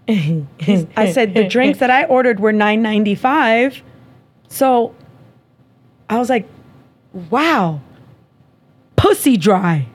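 Podcast host, woman, slightly high pitch, animated profane storyteller who acts out the dialogue. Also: slow, long pauses. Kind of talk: casual storytelling chat.

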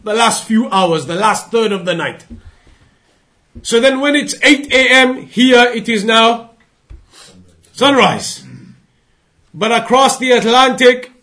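High-voiced man teaching a class. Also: takes it slowly, pauses often, sharp tone. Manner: emphatic, repetitive rhetorical questions. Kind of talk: Islamic creed lesson.

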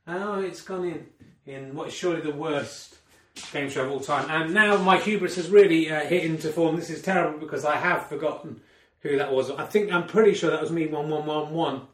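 A man's voice: a little high, brisk. A man commentating on a snooker game he plays against himself, in a mock sports commentary style with dry, self-mocking asides. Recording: roomy sound from a distant omni mic.

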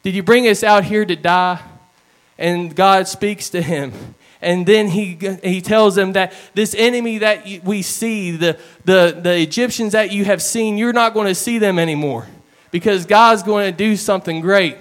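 Man, sermon, earnest storyteller, high-pitched, clear smooth voice. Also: normal speed, few pauses. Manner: earnest storytelling with plain retellings. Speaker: preacher.

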